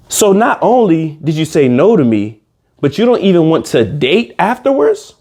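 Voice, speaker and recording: A man hosting a comedic reaction video, ranting in casual slang and jumping into high mocking voices. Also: moderate pace. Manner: animated, slangy, swings into high squeaky mock voices. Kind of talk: comedic rant reacting to a reality show.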